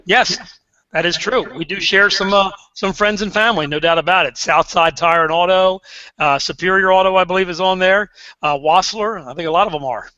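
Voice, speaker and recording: Upbeat male host on a headset, fast talker, dry sound. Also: high-pitched, sharp tone, dry recording, muffled recording. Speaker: radio show host. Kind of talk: live talk radio hosting.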